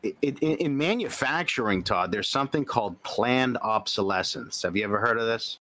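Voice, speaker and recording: A man's voice: medium pitch, animated, moderate pace, pushed and bright. A man co-hosting a podcast in casual chat, teasing and mock-serious with dry humor. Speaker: podcast co-host.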